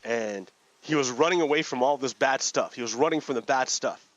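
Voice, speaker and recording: A man, a gaming video host, telling a story in a rambling, halting way with many restarts. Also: mid-range voice. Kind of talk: casual storytelling while playing a game. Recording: dull lo-fi dry recording.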